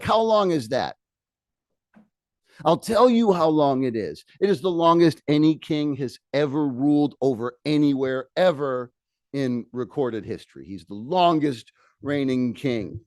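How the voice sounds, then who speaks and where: A man teaching a history class, lecturing in a lively way with joking asides to his students in a classroom. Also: a little high, no room sound, studio quality.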